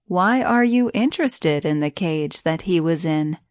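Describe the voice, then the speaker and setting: A woman's voice: sits low, expressive, measured pace, no room sound, studio quality. A woman voicing a frightened man who pleads in a raised, anxious voice. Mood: urgent.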